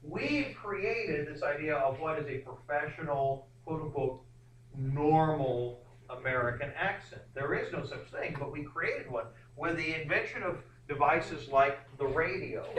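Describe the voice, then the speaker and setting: Guy teacher lecturing history class, rambly and animated, lots of ums, slightly high voice, recorded from way back in an echoey classroom. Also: unhurried, far from the mic. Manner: rambling, animated, full of fillers and restarts.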